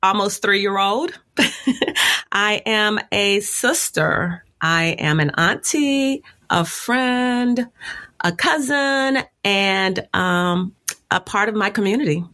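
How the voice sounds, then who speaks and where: Slow-speaking bright-voiced woman in her fifties. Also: mid-range voice, animated. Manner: unhurried, chuckling, warm self-introduction. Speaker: podcast guest. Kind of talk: casual podcast interview.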